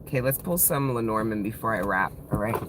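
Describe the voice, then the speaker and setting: A woman in her thirties reads tarot live for her viewers, laughing often and swearing freely. She talks with open emotion and a playful edge. A clear background hiss sits under her voice. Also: very deep voice, brisk. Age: 30s. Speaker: tarot reader. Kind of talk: casual live-stream tarot reading.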